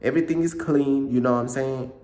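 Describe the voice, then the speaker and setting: A man giving a casual motivational talk, repeating himself often, with a slightly cracking voice and frequent throat clearing. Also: medium pitch, fairly even intonation, brisk, mellow, roomy sound. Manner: repetitive, conversational, frequent "bruh" and "you know what I'm saying". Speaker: motivational speaker.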